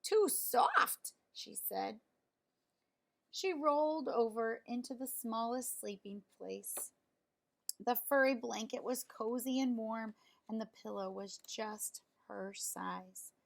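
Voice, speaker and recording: A woman reading a picture book aloud, gently, pausing to wonder what comes next. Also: fairly high pitch, creaky. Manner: gentle, slow, pausing to ask questions. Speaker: storyteller.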